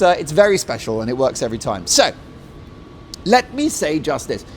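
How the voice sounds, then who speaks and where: Animated, mocking male talk show host. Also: on the high side, moderate pace, slight background noise. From Britain. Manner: animated, mocking, swings into jokey put-on voices. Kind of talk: opinionated talk show monologue.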